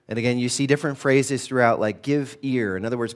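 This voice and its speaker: A man preaching a sermon at a middle pitch, talking casually to his listeners. He speaks with emphasis and draws the scripture quotes out slowly. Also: clear, resonant tone. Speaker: pastor. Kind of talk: sermon teaching on a psalm.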